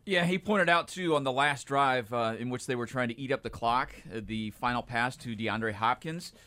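A man's voice: mid-range voice, moderate pace, pushed and bright. A man co-hosting a sports radio show in a studio, telling wry stories and anecdotes about the game. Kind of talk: casual sports talk radio. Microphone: studio microphone.

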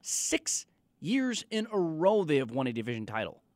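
A man on sports radio makes his case emphatically and insistently. His voice sits fairly high and swings widely in pitch, heard close and dry at the mic. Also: very animated, moderate pace, no room sound. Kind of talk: call-in radio talk.

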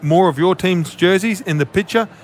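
A man's voice: high voice, moderate pace, slight background noise. An Australian man, a former player turned commentator, talking bluntly in casual sports radio banter. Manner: blunt, animated, peppers talk with "mate". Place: radio studio.

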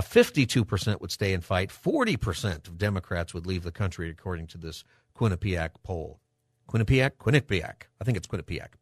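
A man hosting a call-in radio show, thinking aloud and halting with ums and restarts. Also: sits low, dry recording, clean studio sound.

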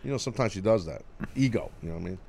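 A male radio host with a gravelly voice and lively, swooping pitch. He is loud and teasing, keeps up a steady stream of casual studio banter, and talks right over his callers. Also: racing.

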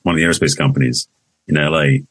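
A man's voice: a bass voice, fairly even intonation, fast, fairly bright tone, no echo. An Englishman in his sixties, a guest telling his story in a rambling, casual way with frequent restarts. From England. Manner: rambling, restarts often, laughs easily. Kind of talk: casual interview conversation.

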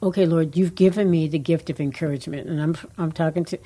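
Husky woman in earnest faith chat. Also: low voice, steady tone, fast. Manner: rambling and earnest, trailing into soft asides. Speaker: co-host. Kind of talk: casual faith talk.

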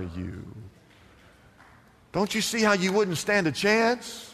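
A man preaching in a bright, forceful voice that sits high and swings widely in pitch. He keeps throwing questions to the congregation for them to answer, and the sound rings with a long reverb from the church. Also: wildly swooping pitch, unhurried, pauses often. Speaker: pastor. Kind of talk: sermon. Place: church sanctuary. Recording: long reverb from a large room.

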